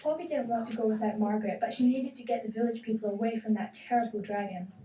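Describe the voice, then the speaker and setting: A woman reading a children's fairy tale aloud, telling it gently and expressively. Her voice is mellow and sits a little high, and it sounds distant in an echoey room with a faint hiss underneath. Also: fast talker. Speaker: storyteller.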